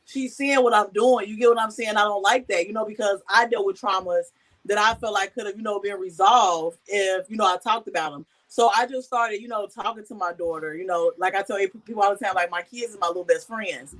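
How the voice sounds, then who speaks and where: A woman sharing a personal story in casual talk, animated and acting out the voices she quotes. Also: medium pitch, a little fast, rough recording. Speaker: guest.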